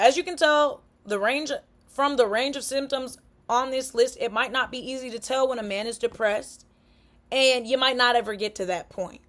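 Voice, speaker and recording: A young woman with a high voice talks straight to camera in a loose, casual way. She is frank and animated, uses slang, and often slips into short acted-out quotes of other people's remarks. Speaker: vlogger.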